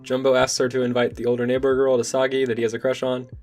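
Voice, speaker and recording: A man's voice: mid-range voice, monotone, quick pace, a little mellow, soft background music. A young man recapping and recommending a manga in a casual, enthusiastic vlog. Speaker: manga reviewer.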